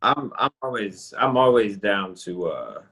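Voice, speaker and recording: A man hosting a podcast in casual chat, talking in a laid-back, drawn-out way. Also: on the low side, sing-song, fairly bright tone, poor audio. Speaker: podcast host.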